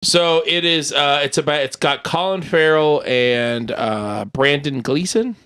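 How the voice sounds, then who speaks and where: A man hosting a podcast, retelling a film plot in a rambling, animated way with lots of filler words. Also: fairly high pitch, measured pace, clear, resonant tone. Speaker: podcast host. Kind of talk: casual chat.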